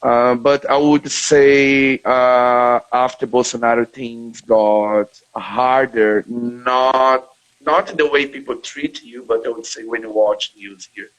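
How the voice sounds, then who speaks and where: A man's voice: medium pitch, fairly even intonation, slow pace, no room sound, highs cut off. A man from Brazil with a Brazilian accent speaking English, a guest talking casually over a video call, with many fillers and restarts. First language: Portuguese.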